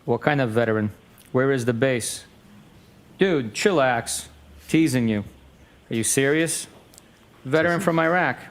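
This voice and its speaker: A man with a mid-range voice reads a text message exchange aloud, unhurried and pausing often. His delivery is flat and matter-of-fact, and he voices both sides of the exchange the same way.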